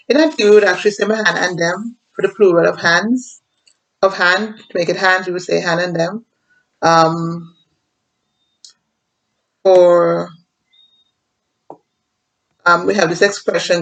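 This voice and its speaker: Gravelly Antiguan woman reading poetry. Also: lowish voice, fairly even intonation, low-quality recording. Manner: rhythmic when reading, plain and explanatory with filler pauses between. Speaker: poet and writer. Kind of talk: poetry reading with explanations of dialect words.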